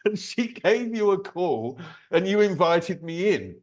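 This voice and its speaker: A man's voice: high-pitched, very animated, a little slow. A man hosting an interview, telling a story in a chatty way and laughing as he talks. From southern England. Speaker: podcast host, interviewer. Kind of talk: casual interview chat.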